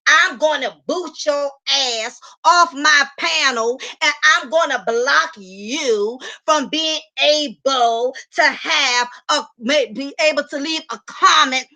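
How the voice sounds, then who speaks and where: An indignant man scolds and mocks, as a woman puts him on, pitched high and bright, sometimes shouting, always repeating his accusations. He lectures slowly and lets each point land. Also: exaggerated voice. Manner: accusing, mocking, repetitive.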